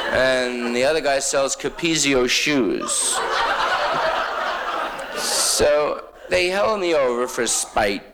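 A man from New York doing a rambling, wry stand-up monologue full of hip jazz slang. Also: medium pitch. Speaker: stand-up comedian. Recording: noisy old live recording with clicks.

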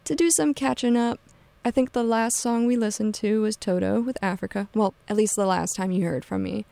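A woman's voice: mid-range voice, steady tone, a little fast, gravelly, warm tone, no echo. A young woman hosting a college radio show, talking loosely and casually with lots of fillers. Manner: chatty, loose, many fillers and "like"s. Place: radio studio.

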